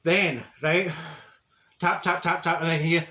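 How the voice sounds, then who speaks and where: Playing a loud, talkative Glaswegian woman with a Glasgow accent, a man delivers a gossipy comic monologue, stumbling and repeating words as he tells a funny story. His voice is a little high, steady, pushed and bright, and a little slow. The room echoes.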